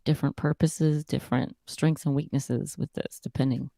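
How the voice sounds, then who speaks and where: A woman speaking as a talk show guest, animated and expressive, acting out quotes. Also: deep voice, moderate pace, gravelly, no echo, clean studio sound. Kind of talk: casual radio talk show.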